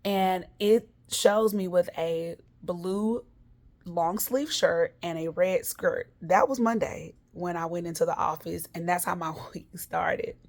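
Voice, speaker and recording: A woman's voice: lowish voice, slow, darkish tone. A woman hosting a podcast, telling her week's story in a candid, chatty way and talking straight to her listeners. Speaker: podcast host. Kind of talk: casual storytelling monologue.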